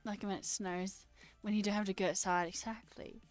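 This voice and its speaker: A woman with a mid-range voice chats loosely with her stream viewers, playful and rambling as she replies to their comments. Soft music plays faintly behind her. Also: mid-range voice, fairly even intonation, normal speed. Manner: playful, rambling, chatty, answers chat out loud. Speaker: live streamer. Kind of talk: casual live-stream chat with viewers.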